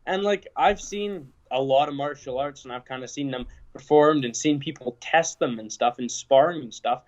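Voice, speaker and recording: A man's voice: mid-range voice, normal speed, dull audio. A young man from Canada answering interview questions casually and hesitantly, with many fillers. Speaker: guest.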